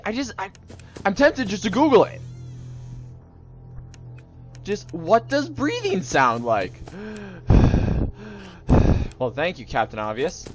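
A young man giving casual, joking let's-play commentary on a game, jumpy and yelling at it when startled. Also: high-pitched, huge pitch swings, slow, long pauses, soft background music. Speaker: gaming video host.

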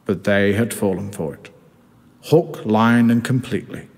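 A man's voice: fairly low pitch, unhurried, darkish tone, in a large hall. A man reading his own story aloud, wry and dramatic in his storytelling.

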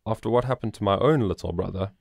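A good-hearted young shoemaker who teases his friend but speaks with earnest care, as a man reads him out. His voice sits low and sounds dry and close. A storybook figure. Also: fast, creaky, no echo. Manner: warm-hearted, teasing yet earnest. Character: kind, hardworking young male shoemaker.

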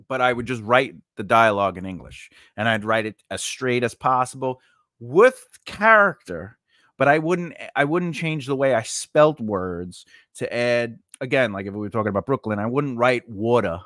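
A man's voice: mid-range voice, a bit bright, dry recording, clean studio sound. A man teaching writing in a casual lesson, rambling through tangents with many fillers and restarts. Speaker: writing podcast host.

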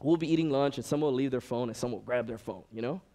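A man's voice: mid-range voice, rapid-fire. A man giving a sermon-style talk as a ministry director, telling stories conversationally and acting out the people he quotes. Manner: animated storytelling, acts out quoted people; conversational, frequent fillers.

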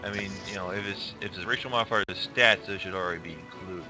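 Low-voiced man running a tabletop game. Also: fast talker, pushed and bright, faint music behind. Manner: hesitant, lots of ums and restarts. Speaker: game master.

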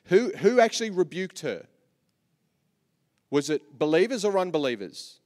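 A man with an Australian accent preaching a sermon as pastor, animated, swinging from soft asides to loud repeated lines. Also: high voice, normal speed. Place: large church hall. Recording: long reverb of a church hall.

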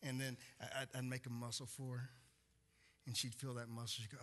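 A man's voice: mid-range voice, level tone, a little fast, a bit bright, slight background noise. A man, a pastor preaching a conversational sermon full of stories and restarts. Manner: conversational storytelling with repeated restarts.

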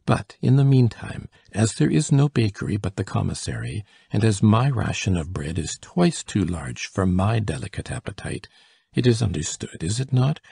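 Man doing a kind young soldier for a storybook, husky, low, friendly. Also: sing-song, normal speed, mellow, no echo, clean studio sound, exaggerated voice. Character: kind young male soldier, modest comrade.

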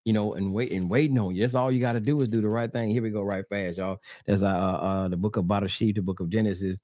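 A man preaching in a casual livestream, blunt and profane, with slangy talk, reading scripture slowly. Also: lowish voice, steady tone, mellow. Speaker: Torah teacher.

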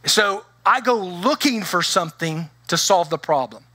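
A middle-aged man preaching a sermon as pastor, telling stories in an animated way and acting out the voices of the people in them. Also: sits high, normal speed, no echo. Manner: animated storytelling with acted-out voices.

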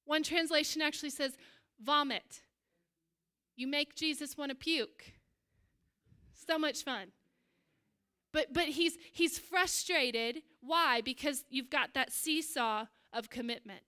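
Bright, high-voiced woman preaching. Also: unhurried. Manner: animated storytelling preacher. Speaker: pastor. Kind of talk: sermon. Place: church stage.

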